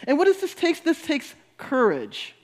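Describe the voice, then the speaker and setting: Very high-voiced man giving a spiritual talk. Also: unhurried. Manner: animated, laughing, repeats for emphasis. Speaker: spiritual speaker. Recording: long hall reverb.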